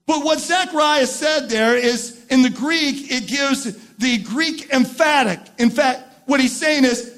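A male pastor preaching a sermon who builds from quiet, reflective talk to repeated shouted emphasis. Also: extremely high pitch, measured pace, few pauses.

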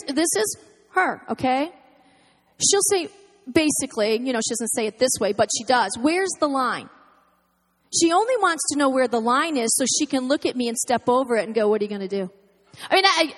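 A high-pitched woman in her thirties speaks casually to other mothers. She tells stories about her children with animation and slips into their voices when she quotes them. Her voice carries a long hall-like reverb. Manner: animated storytelling, quoting her kids in voices. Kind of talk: casual talk to moms.

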